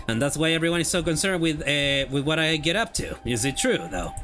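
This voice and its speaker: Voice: mid-range voice, moderate pace, fairly bright tone, soft background music. A streamer voicing the main character's lines in a story game, reading expressively and tripping over words now and then. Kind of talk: let's-play voicing of dialogue.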